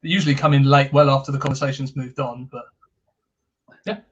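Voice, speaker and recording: A man's voice: mid-range voice, steady tone, fairly quick, a bit bright, highs cut off, slight background noise. A man, a guest toy collector, chatting casually and modestly on a video call.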